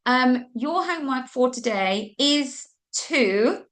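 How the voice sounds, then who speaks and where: A woman's voice: sits high, animated, slow, fairly bright tone. A Welsh woman leading a live online business training, talking informally with lots of "like" and "okay" and the odd mild curse. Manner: chatty and informal, with frequent "like" and "okay"; mild swearing when flustered. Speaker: business coach.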